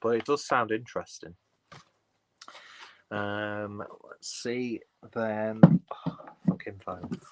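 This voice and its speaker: A man's voice: on the low side, steady tone, slow pace, long pauses, background noise. A man chatting casually on a live stream, rambling and full of fillers as he reads chat and looks at beers. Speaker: beer vlogger reading live chat.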